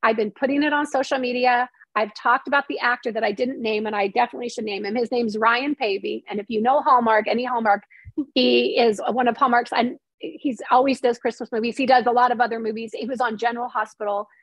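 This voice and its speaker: High-voiced woman telling stories animatedly. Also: no room sound, rough recording. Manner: animated, fast storytelling with many restarts. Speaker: screenwriter and novelist guest. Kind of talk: casual interview talk.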